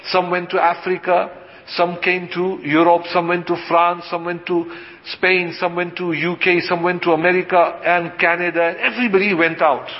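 A man with a high voice delivers a sermon as an imam, firing off rhetorical questions and answering them himself. The sound is muffled and lo-fi, with a long reverb trailing off the walls of the mosque hall.

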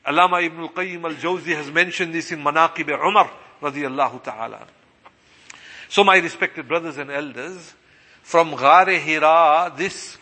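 A man preaching a sermon with passion, slowing down to stress his points. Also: fairly high pitch, bright, forceful tone. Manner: impassioned, slows for emphasis, acts out quoted voices. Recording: long hall reverb.

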